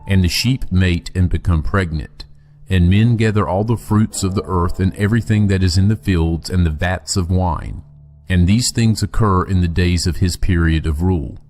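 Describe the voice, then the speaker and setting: A man reading an ancient scripture aloud in a slow, solemn and measured way. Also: low voice, darkish tone. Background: faint music.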